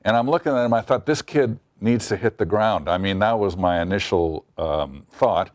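A man's voice: lowish voice, normal speed, dry recording, clean studio sound. A middle-aged man telling a wry story from his past in an interview, acting out the quotes. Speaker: TV writer recalling a story. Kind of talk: interview anecdote.

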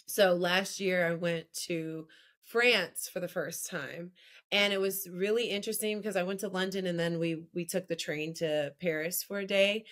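Woman, 30s, interview guest, conversational, animated storytelling. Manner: animated storyteller, lively pitch jumps when telling anecdotes.

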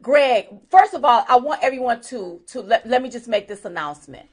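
A woman's voice: a little high, lively intonation, a little fast, breathy edge. A woman co-hosting a casual livestream chat, talking emphatically and greeting viewers by name. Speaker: co-host.

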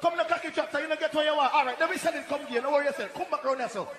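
A man with a Jamaican accent working as a sound system MC at a live dance, shouting and chanting hype calls to the crowd. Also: very high voice, racing. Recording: echoey hall with loud music.

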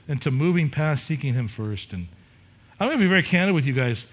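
A man's voice: medium pitch, expressive, a little fast. A middle-aged man preaching a sermon as pastor, candid and conversational, with frequent restarts and repetitions.

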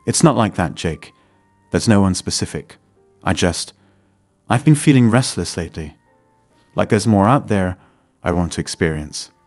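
Guy doing a young wife pleading her case, defensive, low-ish and dry. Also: animated, moderate pace, a little mellow, dry recording, faint music behind. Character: restless young wife pushing an open marriage.

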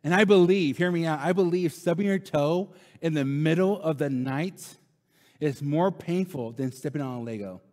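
A man's voice: on the high side, moderate pace, darkish tone. Conversational preaching man in a reverberant hall. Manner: conversational preacher, tag questions, repeats lines for emphasis. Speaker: pastor. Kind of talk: sermon. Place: church sanctuary.

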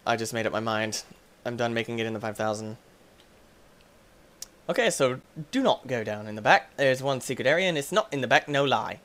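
A young man giving let's play commentary, excitable and quick to get frustrated, yelling at the game between chatty asides to viewers. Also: medium pitch. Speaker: gaming YouTuber.

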